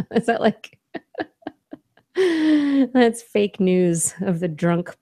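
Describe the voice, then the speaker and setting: A woman's voice: mid-range voice, expressive, drawn-out words, mellow. A woman co-hosting a podcast in casual pre-show banter, emphatic and playfully indignant. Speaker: podcast co-host.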